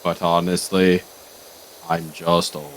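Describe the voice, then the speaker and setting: Man doing a deep, slow ancient alien guru. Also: flat delivery, fairly bright tone, slight background noise. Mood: grandiose. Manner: slow, deep, drawn-out pompous delivery. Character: ancient slow-spoken male alien guru, grandly menacing. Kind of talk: gaming voice chat.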